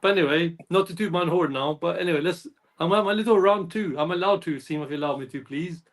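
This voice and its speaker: A man with a notably high voice talks football in a loose, rambling way. He circles back over his points, repeats phrases and slips into imitations of others. It sounds like casual fan chat over a call. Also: fast. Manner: rambling, repeats himself, mimics others' speech. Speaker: fan channel co-host.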